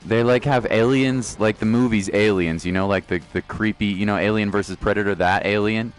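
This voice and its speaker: Deep-voiced laid-back male game streamer. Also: fairly even intonation, fairly quick, clean tone, soft background music. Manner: laid-back, chatty, talks to chat. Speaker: gaming streamer. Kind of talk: casual live-stream chat.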